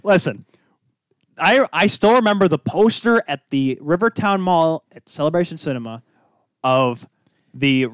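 A young man co-hosting a casual sports podcast chat, excitable and quick to get loud and emotional. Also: a little high, dry recording, clean studio sound. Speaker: podcast co-host.

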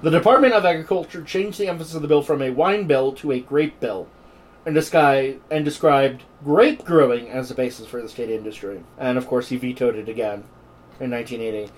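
A brisk, medium-pitched man co-hosts a podcast on poor audio. Between casual chat, he reads history notes aloud and throws in irreverent, jokey remarks.

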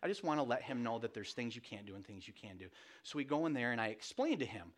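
A man preaching a relaxed, conversational sermon, telling family stories with lots of restarts and self-deprecating asides. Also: mid-range voice, fast talker.

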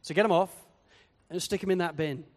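A man preaching a sermon, lively, often acting out the voices of others. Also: high voice, brisk, in a large hall. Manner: lively, acts out quoted voices. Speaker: pastor.

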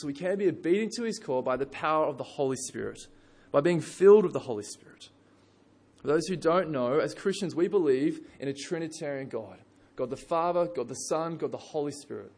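A man preaching a sermon in a relaxed, conversational way with casual asides. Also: on the high side, fairly quick.

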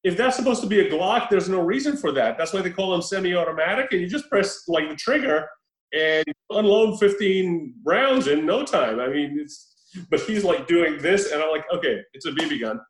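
An animated man recaps a story in casual podcast chat, laughing and swearing as he goes. His voice sits a bit high for a man. The recording has a noticeable roomy echo. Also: normal speed. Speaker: podcast host reviewing a film.

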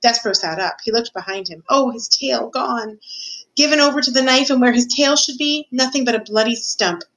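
A woman's voice: on the high side, moderate pace, a bit bright, low-quality recording. Woman reading a children's novel aloud. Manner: addresses the listener as reader, with small slips. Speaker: reader.

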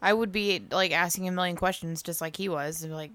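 A woman co-hosting a podcast, chatty and quick to chime in. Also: on the low side, steady tone, fairly bright tone, no echo. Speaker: podcast co-host. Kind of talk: casual chat.

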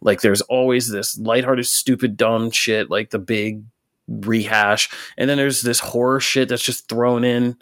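A man's voice: medium pitch, unhurried, no room sound. A man in his thirties co-hosting a film podcast, telling stories in a profane, ranting way during casual chat. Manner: profane, ranting, animated storyteller.

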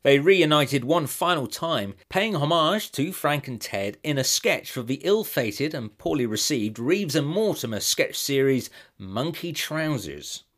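A man's voice: a little high, expressive, measured pace, hardly any pauses, a bit bright. A man hosting a podcast, narrating a short scripted link between interview clips. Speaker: podcast host.

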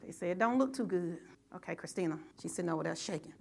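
A middle-aged woman preaching a sermon and telling a personal story, in a lively call-and-response style that rises to shouts. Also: on the low side, fast talker, creaky, slight background noise.

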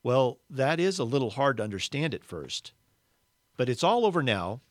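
A kindly male spirit speaks calmly and patiently, reassuring and unbothered, as a man reads him aloud. It is an audiobook-style storybook reading with a dry, close sound. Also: mid-range voice, moderate pace, no echo, close to an everyday voice.

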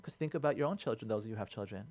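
A man, a rabbi, giving marriage advice on a radio show in an animated way, repeating phrases and mixing in Hebrew terms. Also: fairly low pitch, racing. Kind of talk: radio talk. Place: radio studio.

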